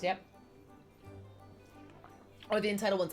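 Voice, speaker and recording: A young woman with a lowish voice chats casually while she plays, telling long stories and jumping into other people's voices. Faint music runs quietly behind her. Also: a little fast, pauses often. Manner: chatty storyteller, acts out quoted people with big pitch jumps. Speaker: streamer chatting while playing. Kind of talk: casual chat on a game stream.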